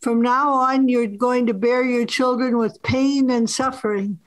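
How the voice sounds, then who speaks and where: A woman voicing a jealous, scolding God with a booming voice in a told story. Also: steady tone, measured pace, lightly acted, poor audio.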